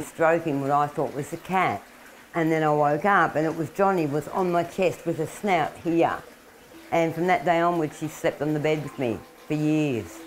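A woman's voice: low voice, slight background noise, rough recording. A middle-aged woman, a wildlife carer, speaking chatty and candid in a documentary interview. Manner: chatty and candid, often laughing.

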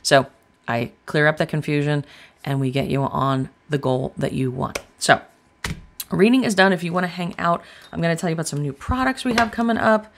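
A woman with a low, slightly fast voice gives a casual tarot reading, chatty and blunt, swearing freely as she speaks straight to viewers. There's slight background noise.

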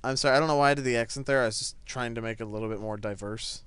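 A teenage boy giving live commentary on a game he is playing at home, excitable, laughing and stammering as things happen. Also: medium pitch, racing, smooth, dry recording. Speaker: gaming YouTuber. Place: home, seated in a chair.

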